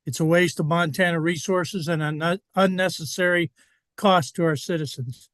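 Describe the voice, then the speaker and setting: A man's voice: a little high, steady tone, normal speed, fairly bright tone, dry recording. A state representative, a man, firmly reading a prepared statement over a remote call. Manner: firm, reads a statement. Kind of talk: prepared public comment.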